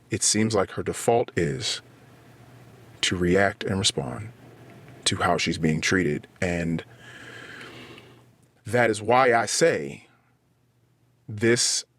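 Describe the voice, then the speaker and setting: A man's voice: sits low, a bit bright, no room sound. A man hosting a podcast, talking earnestly on his own, blaming himself and working through long everyday analogies. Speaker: podcast host. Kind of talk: solo reflective monologue.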